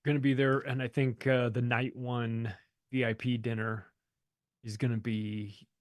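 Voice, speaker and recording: A man's voice: mid-range voice, level tone, measured pace, no room sound, studio quality. Rambling, profane male podcast guest. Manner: rambling, profane, acts out quoted voices. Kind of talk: casual storytelling conversation.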